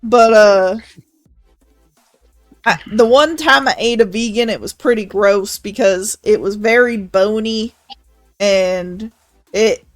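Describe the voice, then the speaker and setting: A woman's voice: medium pitch, takes it slowly, pauses often, dry recording, soft background music, close to an everyday voice. A woman voicing a boastful, meat-loving male dragon who is mayor of a town, rambling and crude in an improvised tabletop role-play. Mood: cocky.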